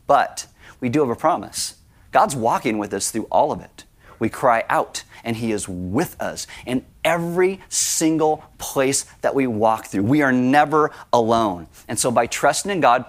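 A middle-aged man preaching a sermon in an animated way, sometimes acting out Bible scenes with sudden high cries. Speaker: pastor.

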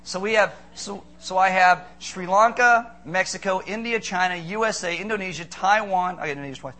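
A man's voice: high voice, a little fast. A man preaching a sermon, firing off rhetorical questions and joking with the congregation. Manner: animated, rhetorical questions, playful asides to congregation. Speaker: pastor.

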